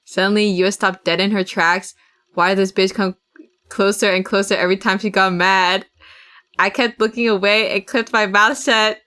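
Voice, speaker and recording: A young woman streamer reads a visual novel aloud, swearing and laughing at the script and dramatically acting out its tense passages over faint game music. Her medium-pitched voice is bright, forceful, clear and resonant, with fairly even intonation and a moderate pace.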